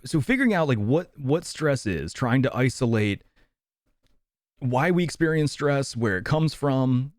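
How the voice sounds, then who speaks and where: A man's voice: mid-range voice, darkish tone, no echo, studio quality. A man co-hosting a casual podcast over a video call, thinking aloud with lots of restarts and fillers. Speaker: podcast co-host.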